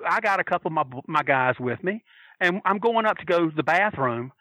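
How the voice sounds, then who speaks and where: Man, bright tense tone, dry close sound; lively raconteur who slips into character voices. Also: high-pitched, no room sound, poor audio. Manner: animated, acts out quoted voices. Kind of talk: casual anecdote telling.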